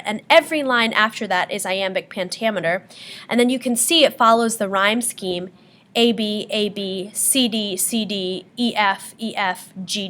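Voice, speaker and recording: A woman's voice: mid-range voice, fairly bright tone. A woman teacher giving a patient classroom lecture on poetry terms, explaining step by step with frequent ums.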